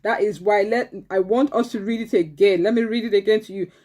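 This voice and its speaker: A woman's voice: mid-range voice, fairly even intonation, brisk, warm tone. A woman teaching an online church class for preteens, encouraging them and repeating their answers back. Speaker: Sunday school teacher.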